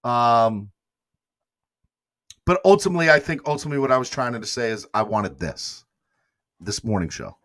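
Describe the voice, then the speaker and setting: A man's voice: mid-range voice, expressive, normal speed, pauses often, a bit bright, no echo, studio quality. A man hosting a live fan morning show, talking emotionally and rambling as he thanks viewers and reads their comments aloud. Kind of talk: casual live-stream chat.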